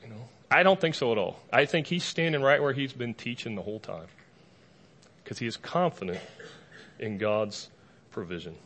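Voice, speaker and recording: A male preacher speaking to a congregation in a mid-pitched voice. His delivery is relaxed and conversational, and he mixes casual asides and light humor into his teaching. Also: moderate pace, long pauses. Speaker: pastor. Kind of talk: sermon. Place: before a live congregation.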